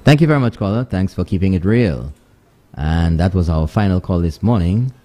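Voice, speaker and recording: A man's voice: low-pitched, lively intonation, normal speed, dark tone. A man hosting a call-in radio talk show, greeting listeners in many places and signing off. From Saint Lucia.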